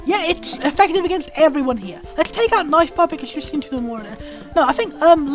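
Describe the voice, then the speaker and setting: A British woman giving bubbly, excitable commentary while playing a video game. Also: high-pitched, quick pace, faint music behind. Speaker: let's play host. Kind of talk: gameplay commentary.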